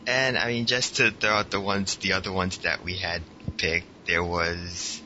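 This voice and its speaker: A man's voice: low voice, flat delivery, measured pace, bright, forceful tone, slight background noise. A man hosting a casual gaming podcast, loose and joking, laughing often. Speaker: podcast host. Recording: dull lo-fi sound, faint music.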